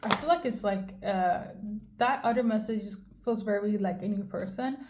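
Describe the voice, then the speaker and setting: A woman's voice: medium pitch, normal speed, noisy background. A woman giving a casual tarot reading straight to the viewer, chatty and candid, checking in with "okay?" as she goes. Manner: chatty, addresses viewer directly, frequent "okay?" check-ins; conversational and candid, occasional swearing. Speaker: tarot card reader. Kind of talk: casual intuitive card reading to camera.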